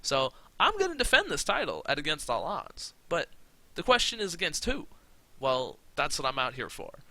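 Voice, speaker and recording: A man voicing a cocky, boastful male wrestling champion who talks loud, brash and mocking. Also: on the high side, wildly swooping pitch, moderate pace, no room sound, exaggerated voice, low-quality recording.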